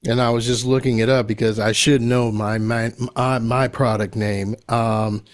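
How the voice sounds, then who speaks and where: This man from Los Angeles hosts a podcast interview with a voice of middling pitch. He chats loosely, drifting into side remarks and dropping in plenty of ums. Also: level tone, moderate pace. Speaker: podcast host. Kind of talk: casual interview chat.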